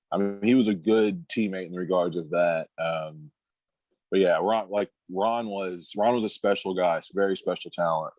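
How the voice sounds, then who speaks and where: With a deep voice on a dry recording, this podcast guest, a former pro basketball player in his thirties, shares stories casually. He's relaxed and a bit halting, laughing frequently as he goes.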